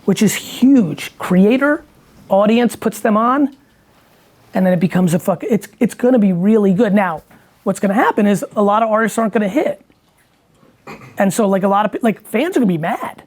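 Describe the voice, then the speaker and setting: A man's voice: high voice, animated, normal speed, a little mellow. A man in casual conversation, talking bluntly and emphatically with lots of swearing. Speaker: guest entrepreneur.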